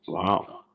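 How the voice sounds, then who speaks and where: A man in his fifties from Missouri, a podcast guest telling a personal story in a halting way, restarting sentences and clearing his throat. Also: medium pitch, rough recording. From Missouri, United States.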